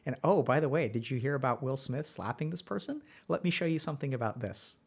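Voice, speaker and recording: A man voicing a video site as a personified, seductive lover who coaxes the listener home in a low, hushed, tender croon. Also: animated, quick pace, creaky.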